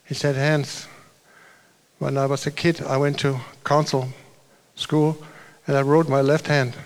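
A man's voice: on the high side, level tone, unhurried. A man preaching a sermon as a pastor, telling a story in a loose, conversational way with restarts and asides.

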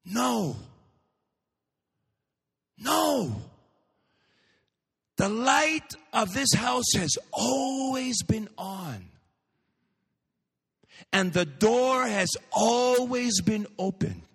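A man voicing a calm, loving mother who reassures her returning daughter. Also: high voice, drawn-out words, long pauses, husky, long reverb tail, pitched above the performer's own voice, full character voice. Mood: tender. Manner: gentle, reassuring.

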